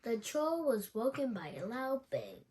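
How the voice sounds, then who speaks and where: A woman reads a children's picture book aloud, taking her time over each line. Her voice sits fairly high and she keeps the telling gentle and expressive. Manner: slow, expressive read-aloud. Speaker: storybook reader. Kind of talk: children's storybook reading.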